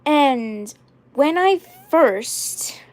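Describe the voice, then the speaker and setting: A woman's voice: high-pitched, expressive, extremely slow. A young adult woman talking casually about her doll collection in a rambling, repetitive way with many fillers.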